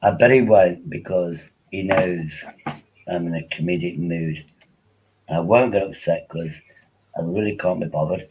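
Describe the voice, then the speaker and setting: A man's voice: low-pitched, unhurried, a little mellow, a little hiss or hum, low-quality recording. A man hosting a casual livestream, rambling and joking while tipsy on wine, often repeating himself. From England. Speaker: livestream host.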